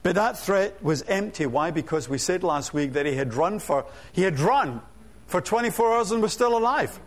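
High-voiced man preaching a sermon. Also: normal speed. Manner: energetic, rhetorical questions, humorous asides.

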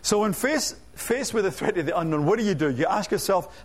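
High-pitched male preacher, energetic, asks rhetorical questions, jokes in his asides. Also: fairly quick, few pauses. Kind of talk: sermon.

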